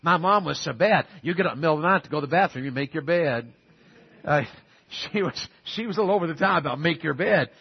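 High, husky preacher. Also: male voice, animated, fast talker, dull audio. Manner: folksy storytelling, emphatic exhortation. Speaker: pastor. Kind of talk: sermon.

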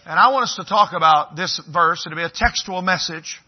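A man's voice: high voice, brisk, husky. A man in his fifties preaching as a visiting pastor in a church, folksy and joking with the congregation. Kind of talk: sermon. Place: church sanctuary. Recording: dull lo-fi sermon recording.

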